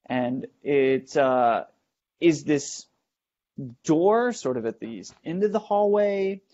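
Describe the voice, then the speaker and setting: A man hosting a show, telling a first-person ghost story in a halting way, with many fillers and restarts as he builds suspense, in a dull lo-fi recording. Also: on the high side, expressive, warm tone. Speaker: host.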